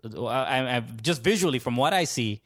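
A man co-hosting a casual sports talk stream, speaking haltingly with many restarts and fillers. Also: mid-range voice, animated, fairly bright tone. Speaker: podcast co-host. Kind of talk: casual chat.

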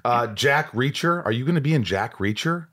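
A man's voice: medium pitch, lively intonation, moderate pace, a bit bright. A man hosting a podcast, asking playful, teasing questions in casual chat. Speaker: podcast host.

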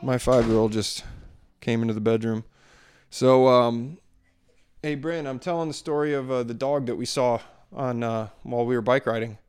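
A man's voice: mid-range voice, moderate pace, a little mellow, smooth, dry recording, studio quality. Chatty man telling a home story. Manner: chatty, loose, many fillers and restarts. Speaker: podcast host and father. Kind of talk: casual rambling storytelling. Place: bedroom at home. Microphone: handheld microphone.

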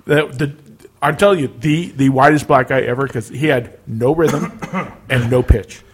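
Husky-voiced man, chuckling co-host. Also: mid-range voice. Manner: laughs a lot, halting restarts. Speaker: podcast co-host. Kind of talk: casual chat.

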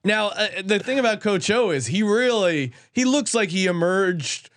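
A man hosting a sports podcast, joking quickly and laughing through his stories. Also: high-pitched, expressive, fairly bright tone, no echo, studio quality. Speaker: podcast host. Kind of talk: casual sports chat.

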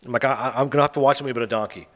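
A man hosting a casual chat, retelling film plots and reviews with an animated, sarcastic manner. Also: medium pitch, rapid-fire. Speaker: podcast host reviewing films.

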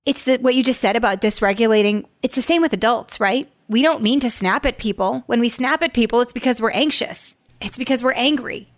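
A woman who is a parenting author and former teacher, explaining her ideas in an energetic, emphatic way on a podcast. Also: a little high, a little fast, hardly any pauses, dry recording. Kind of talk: podcast interview.

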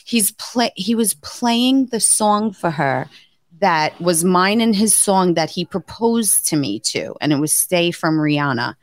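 Woman in her 30s telling a story on a podcast, jumps way up in pitch on quotes, dry close mic. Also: a little slow, no echo. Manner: animated storyteller, acts out quotes with sudden high pitch. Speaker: podcast co-host. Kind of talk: casual chat, telling a birth story.

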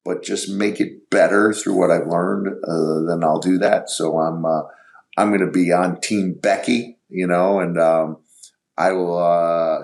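Low gravelly man telling stories. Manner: rambling, halting, searches for words. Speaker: podcast guest. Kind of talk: casual storytelling.

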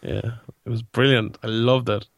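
A young man hosts a casual sports podcast chat, rambling through his points with plenty of fillers and self-restarts. His voice sits at an ordinary middle pitch for a man. The sound is close and dry on a podcast mic. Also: fairly even intonation, normal speed, gravelly, no echo. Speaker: podcast host.

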